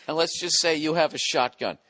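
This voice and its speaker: A man's voice: a little high, bright, forceful tone, husky, no echo. A man hosting a podcast in casual chat, skeptical and teasing, and he swears freely. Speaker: podcast host.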